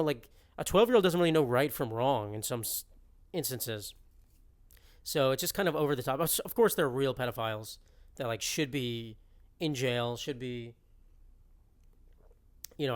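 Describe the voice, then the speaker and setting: A young man hosting a solo podcast, ranting casually with jokey exaggeration. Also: medium pitch. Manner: rambling, jokey, exaggerated rants. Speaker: podcast host.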